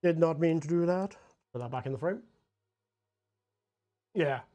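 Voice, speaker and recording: Unhurried and mellow, this higher male voice comes from a young Scottish man painting on a livestream. He chats and rambles casually, swearing freely and saying "like" often.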